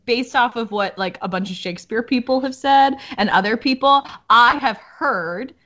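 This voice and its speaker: A woman co-hosting a casual podcast, playful and quick to react with short interjections. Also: on the high side, pushed and bright, dull audio. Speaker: podcast co-host. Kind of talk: casual chat.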